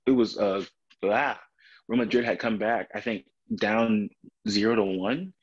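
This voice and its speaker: A man's voice: fairly low pitch, measured pace, slightly rough. A young man co-hosting a casual football chat, easygoing and a little hesitant, laughing along. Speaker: co-host. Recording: dull lo-fi sound.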